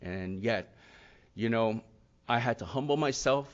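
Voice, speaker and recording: In slightly muffled, lo-fi audio, a middle-aged man tells his own recovery story at a recovery talk. His medium-pitched voice keeps a measured pace as he rambles earnestly through personal testimony peppered with "you know" and "and yet."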